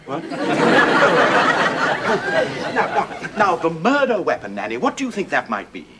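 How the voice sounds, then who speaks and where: A man's voice: a little high, wildly swooping pitch, unhurried, over a noisy crowd. An English actor playing a fussy, chatty male writer in a 1970s sitcom, in a noisy old TV broadcast. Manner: fussy and self-amused. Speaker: sitcom lead.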